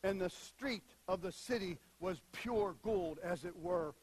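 A man preaching a sermon, moving between quiet asides and loud, emphatic bursts. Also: high voice, measured pace, husky, poor audio. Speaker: pastor.

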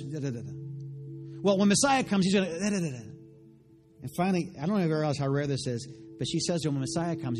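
A pastor delivers a sermon, acting out a story in different voices before building into loud, passionate preaching. His male voice is a little high.

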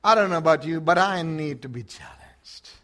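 An older man with an Australian accent preaching a sermon, swinging from hushed words to shouts. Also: fairly high pitch, moderate pace.

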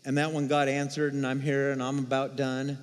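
A man preaching a sermon as pastor, telling a personal story with animated swings between hushed and excited delivery. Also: medium pitch, brisk. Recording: reverberant hall.

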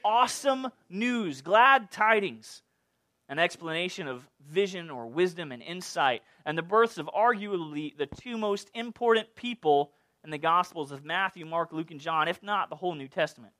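Pastor guy preaching, fairly high voice, jokey and lively with the congregation. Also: normal speed. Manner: playful, animated, chatty asides. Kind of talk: sermon.

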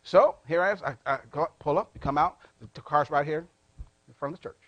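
A man preaching a sermon, asking his congregation questions and prompting them to answer, with big swings in loudness and pitch. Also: brisk, no room sound, dull audio. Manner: call-and-response questions to the congregation. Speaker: pastor.

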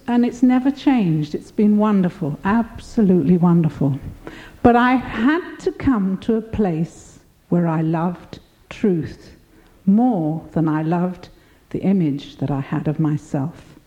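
A woman's voice: mid-range voice, dark tone, muffled recording. An older woman giving an earnest, reflective personal testimony of her faith.

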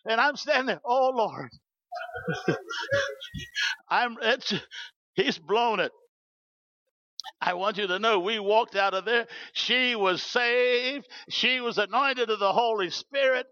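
A man from New Zealand with a New Zealand accent, preaching a sermon through animated storytelling. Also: very high voice, slow pace, long pauses, dry recording, muffled recording. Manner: animated, storytelling with acted quotes.

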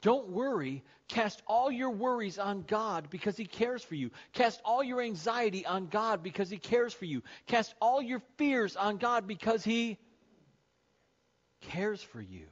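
High-voiced pastor preaching emphatically. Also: male voice, lively intonation, muffled recording. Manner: emphatic, repeats key phrases, slows for stress. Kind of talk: sermon.

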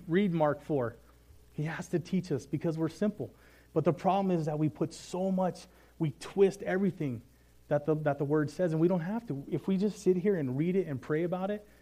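Man, fairly high and mellow, casual preacher, self-deprecating storyteller who settles into quiet earnestness. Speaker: Bible study leader. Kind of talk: casual sermon.

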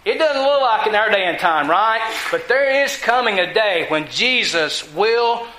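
A man preaching a sermon to a congregation, with deliberate emphasis and frequent rhetorical questions. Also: sits high, expressive, sharp tone, roomy sound, poor audio.

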